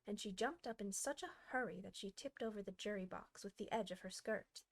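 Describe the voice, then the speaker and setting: A woman hosting a show where she reads a classic storybook aloud with a steady, clear delivery. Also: medium pitch, fairly quick. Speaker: audiobook narrator, host. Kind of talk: storybook reading.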